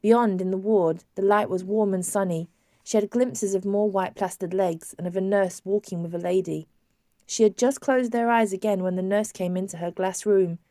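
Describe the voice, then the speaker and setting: A woman narrates a novel in a measured, even storytelling manner, at a middle pitch. Her voice is close and dry, with no room sound. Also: no echo. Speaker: audiobook narrator. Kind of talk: scripted narration.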